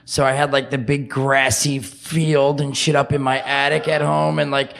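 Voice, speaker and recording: A man's voice: medium pitch, little pitch movement, normal speed, creaky, fairly bright tone. A man chatting casually as a podcast co-host, rambling in a laid-back way. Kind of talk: casual chat.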